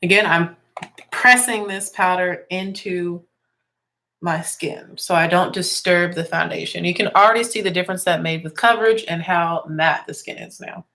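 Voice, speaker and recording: A woman's voice: fairly low pitch, steady tone, normal speed, bright, forceful tone. Chatty young woman, a bit congested. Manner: chatty, explains each step as she works. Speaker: music teacher and beauty vlogger. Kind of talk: casual makeup tutorial.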